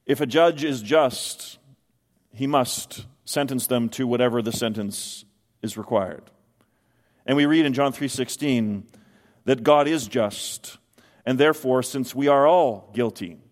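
A middle-aged man, a pastor, preaching a sermon with slow, emphatic stresses in a church sanctuary. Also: mid-range voice. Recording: long hall reverb.

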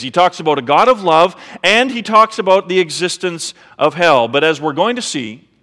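A man with a high voice preaches a sermon, posing rhetorical questions in an easy, conversational way. His words ring out with a long reverb from a large church hall. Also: fairly bright tone. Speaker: pastor.

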